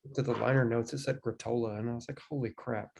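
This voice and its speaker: A man's voice: medium pitch, steady tone, racing, vocal fry, darkish tone. A man in a casual chat making dry, wry asides.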